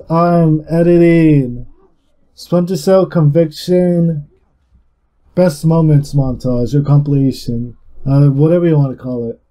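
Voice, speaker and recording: A young man narrates his gameplay in a loose, rambling way, peppered with swearing. His voice sits slightly high yet sounds dark and mellow, and he talks at an unhurried, slow pace, with an energetic, louder-than-usual push. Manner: rambling and heavily profane. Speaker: gaming YouTuber. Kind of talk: casual gameplay commentary.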